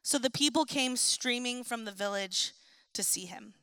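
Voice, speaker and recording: A young woman with a high, bright voice delivers a sermon as if chatting with her congregation, slipping into lively little voices for the figures in the story. The sound is close and dry, with no room echo. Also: normal speed, smooth. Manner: conversational and animated, acting out Bible figures. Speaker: pastor.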